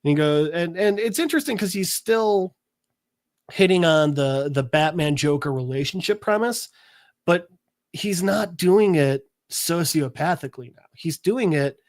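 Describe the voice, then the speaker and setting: A man on a podcast recapping a comic book in casual chat, acting out the characters' lines in quick quotes, with lots of fillers and restarts. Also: on the high side, animated, no echo, studio quality. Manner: retells scenes by voicing characters in quick quotes; loose, filler-heavy talk with restarts. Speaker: podcast co-host.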